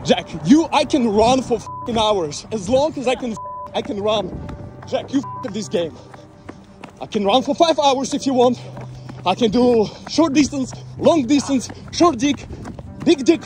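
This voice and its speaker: A man with a very high voice yells taunts mid-chase. He repeats the same name over and over, panting as he runs. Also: expressive, measured pace, over music. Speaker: scambaiter confronting a scammer. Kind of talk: shouted taunting during a chase.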